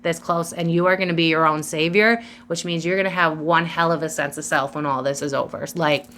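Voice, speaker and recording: A woman's voice: low voice, fairly even intonation, a little fast, a bit bright, slight background noise. A young woman hosting a casual tarot reading, chatty and gossipy, calling her viewers besties. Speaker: tarot reader and channel host.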